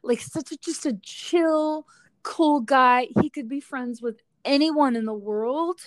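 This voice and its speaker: A woman's voice: high voice, takes it slowly, dry recording. A woman co-hosting a podcast, chatting casually, swearing freely and laughing often. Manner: swears a lot, laughs often, blunt reactions. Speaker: podcast co-host. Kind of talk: casual chat.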